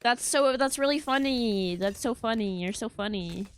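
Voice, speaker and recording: A woman's voice: fairly high pitch, normal speed, clear, resonant tone. A young woman streaming a game, chattering playfully to her chat and teammates with silly bits. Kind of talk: casual gaming livestream chatter.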